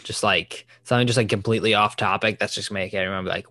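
A man's voice: lowish voice, steady tone, quick pace, pushed and bright, no room sound. Young man in loose casual chat. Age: young adult. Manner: loose, rambling, heavy use of "like".

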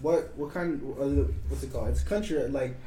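A man's voice: medium pitch, normal speed, warm tone. A young man hosting a casual podcast chat, rambling with fillers, saying "bro" a lot and swearing. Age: young adult. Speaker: podcast host. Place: home room with dogs nearby. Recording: echoey room with faint noise.

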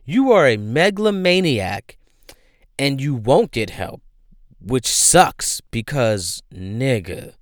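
Slangy and emphatic, a young man repeats himself through a casual commentary rant, dropping "bro" and "my guy" again and again. The sound is clean studio audio with no room sound, and his voice is medium-pitched.

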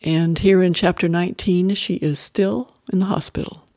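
A man's voice: high-pitched, steady tone, normal speed, darkish tone, no echo, clean studio sound. Man reading a romance novel aloud. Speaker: audiobook reader.

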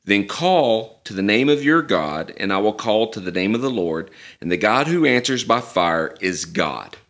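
A man preaching a sermon, reading scripture aloud and retelling it in casual, animated speech. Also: on the low side, moderate pace.

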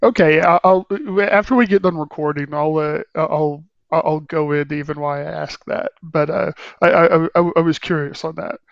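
Guy interviewer, kinda high and gravelly, stammers into his questions, dry dull audio. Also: steady tone, moderate pace, few pauses, no echo. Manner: hesitant, stammering starts. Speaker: interviewer, host. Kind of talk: casual interview.

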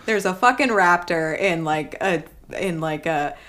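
A woman in her thirties with a slightly low voice chats about films as a podcast co-host. She talks in an animated, loose way, swearing casually and trailing off into restarts. Her delivery is relaxed and conversational. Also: a little slow. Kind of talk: casual movie chat.

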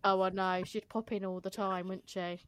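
A woman's voice: medium pitch, level tone, moderate pace, clear, resonant tone, dry recording, clean studio sound. A woman, chatting frankly with her sister, swearing casually and acting out the people she quotes. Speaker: podcast co-host, sister. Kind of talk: casual chat.

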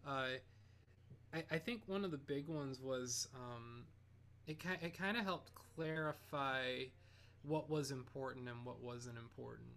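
Animated, rambling male interview guest. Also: medium pitch, unhurried, vocal fry. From Ohio, United States. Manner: animated, full of "like" and "you know", many restarts. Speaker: interview guest, composer and pianist. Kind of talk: reflective conversational storytelling.

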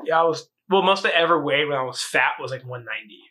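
A man's voice: a little high, fast talker, bright, forceful tone. A young man with a slight lisp, co-hosting a casual podcast chat and laughing often. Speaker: podcast co-host.

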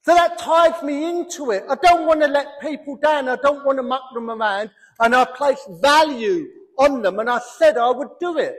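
A pastor preaching a sermon in an animated way, breaking into comic voices and building to loud emphasis. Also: male voice, very high voice, moderate pace, few pauses. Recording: long hall reverb.

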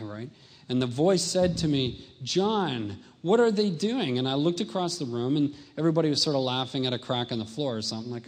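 A man's voice: medium pitch, long reverb tail. A man giving a personal testimony, telling his story and acting out his past self in a raised voice.

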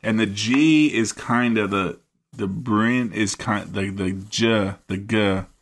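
A man co-hosting a podcast about a film, talking in an analytical way and often pausing to search for words. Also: fairly low pitch. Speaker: podcast co-host. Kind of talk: casual film-discussion chat.

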